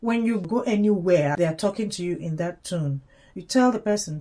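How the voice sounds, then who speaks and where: A woman hosting a reaction video, explaining calmly and reassuringly. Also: lowish voice, normal speed. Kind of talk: reaction commentary.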